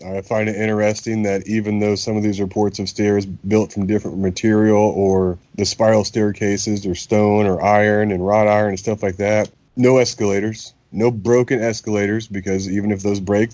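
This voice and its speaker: A man with a lowish voice who explains things earnestly in a casual podcast chat, often restarting his sentences as he goes. The sound is dry and close, with no room echo. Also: little pitch movement, normal speed, hardly any pauses, darkish tone. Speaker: podcast co-host.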